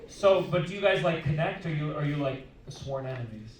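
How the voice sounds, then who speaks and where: A man's voice: on the high side, expressive, fairly quick, distant mic, noisy background. A male stand-up comedian doing crowd work, teasing and profane, laughing as he talks. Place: comedy club stage. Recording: echoey club, audience laughter.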